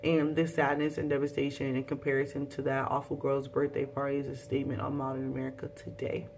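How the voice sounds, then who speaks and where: A young woman reviewing a TV episode in a casual vlog. She reads her own tweets aloud and rambles in a chatty, animated way, full of sassy asides and sound effects. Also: a bass voice, quick pace, slight background noise.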